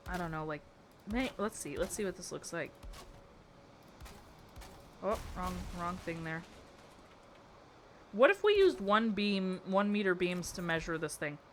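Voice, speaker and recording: A woman's voice: fairly low pitch, slight background noise. A young woman streaming live, chatting casually with her chat while building in a game, playful and exasperated. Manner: playful, exasperated, reacting to chat with frequent laughter.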